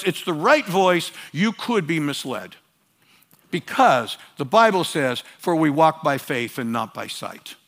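High-voiced man preaching a sermon. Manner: emphatic, swings between loud urging and quiet asides; repeats phrases for emphasis. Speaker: pastor.

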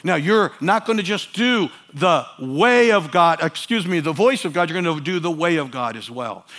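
High-pitched male pastor, emphatic sermon delivery with repeated phrases. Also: expressive, normal speed. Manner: emphatic, swings between loud urging and quiet asides.

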